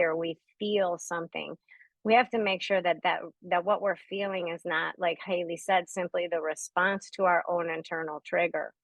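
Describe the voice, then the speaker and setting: A woman's voice: fairly low pitch, no room sound, rough recording. Host woman, encouraging and upbeat on a video call, dry sound. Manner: encouraging, affirming, animated. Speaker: host of a spiritual group session. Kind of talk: supportive group discussion.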